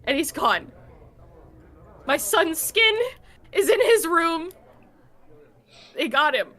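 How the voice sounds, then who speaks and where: A woman's voice: extremely high pitch, very animated, slow pace, a bit bright, pitched above the performer's own voice, heavily acted. A woman voicing a distraught mother crying and pleading for help as her son has vanished, in a tabletop game. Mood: shaken. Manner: shrieking, pleading, broken off. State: sobbing, panicked.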